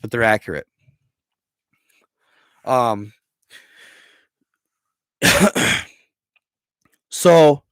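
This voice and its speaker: A man's voice: medium pitch, vocal fry, fairly bright tone, clear, resonant tone, dry recording, clean studio sound. A man hosting a casual livestream, rambling through a history story in slangy speech and stumbling over words. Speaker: livestream host.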